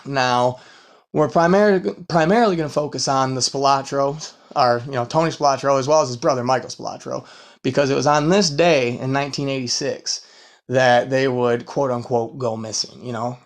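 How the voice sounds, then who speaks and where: A man talks his way loosely through a true-crime podcast episode, swearing freely and trailing into fillers. He sounds worn out after a long work week. His voice sits at an ordinary middle pitch. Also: moderate pace. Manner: rambling and profane, full of fillers and laughs. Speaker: podcast host.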